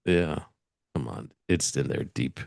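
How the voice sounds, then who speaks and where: A man's voice: a bass voice, animated, unhurried, creaky, a little mellow, no echo, clean studio sound. A man co-hosting a podcast, telling a spooky story in casual chat and acting out the dialogue with animation. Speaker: podcast co-host.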